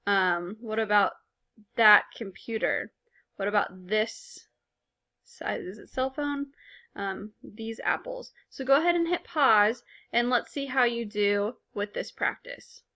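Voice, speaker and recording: A woman's voice: medium pitch, lively intonation, slow, sharp tone. A woman teaching a recorded language lesson in a patient, explanatory way, speaking with casual fillers. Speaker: Spanish teacher.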